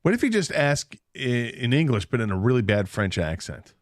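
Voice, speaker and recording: A man co-hosting a sports talk radio show in a studio, trading playful jokes and quick one-liners. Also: medium pitch, big pitch swings, no room sound. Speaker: radio co-host.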